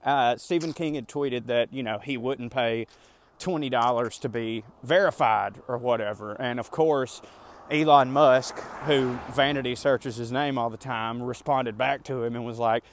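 A man's voice: mid-range voice, unhurried, a little hiss or hum. A man hosting a podcast, ranting casually while running in a park, slightly out of breath, rambling with plenty of fillers and asides. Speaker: podcast host. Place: outdoors in a park, jogging.

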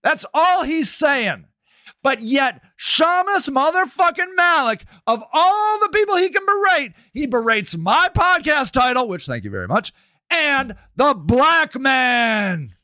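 A man hosts a podcast in a furious, profane rant, shouting much of the time. His voice sits very high and bright, with wide swings in pitch. He talks slowly and deliberately, recorded dry and close. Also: sing-song, no echo. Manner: shouting, cursing, heated; plays and comments on clips. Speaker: podcast host.

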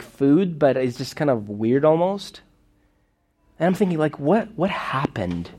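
A preacher from Moldova tells a personal story during a sermon, speaking loosely and conversationally with lots of fillers and restarts. His voice is fairly high in pitch with a darkish tone.

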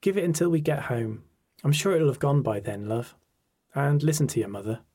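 A man voicing a calm, reassuring middle-aged father in an audiobook, speaking matter-of-factly with easy confidence. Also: medium pitch, fairly quick, slightly rough, natural voice. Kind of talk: audiobook character voice.

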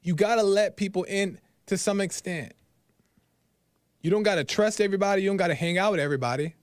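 A man's voice: sits high, fast, no echo, studio quality. A man hosting a call-in talk show, sharing his opinions earnestly and repeating his points for emphasis.

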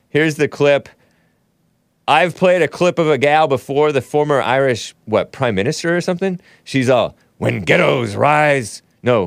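A male talk show host rambles through sarcastic commentary and laughs at his own asides. His voice is smooth and resonant. It sits close and dry, with no room sound. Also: medium pitch, no echo. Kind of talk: casual commentary playing clips.

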